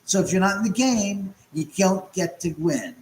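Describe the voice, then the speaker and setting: A man hosting a live stream from his home, chatting and rambling as he answers viewers' comments out loud. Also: high-pitched, expressive, moderate pace. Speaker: host. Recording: roomy echo, faint background noise.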